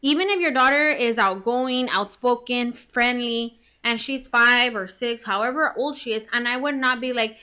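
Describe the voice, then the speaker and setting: Co-host type, woman in her thirties, bright and fairly high, rambling storyteller who swears a lot. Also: moderate pace, hardly any pauses, smooth. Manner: chatty, says "like" constantly, swears, acts out quoted lines. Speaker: podcast co-host. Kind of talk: casual storytelling chat.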